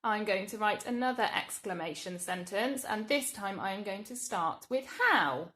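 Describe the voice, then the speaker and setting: An English woman, a primary school teacher, giving a recorded grammar lesson to young children in a slow, clear, patient way. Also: medium pitch, expressive, fairly bright tone. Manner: slow, clear, patient explaining with drawn-out example words.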